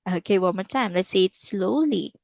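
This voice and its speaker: A woman's voice: mid-range voice, animated, normal speed, gravelly, a little mellow, no room sound. A woman teaching English to a child over a video call, patiently repeating words. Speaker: English tutor. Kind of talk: online English lesson for a child.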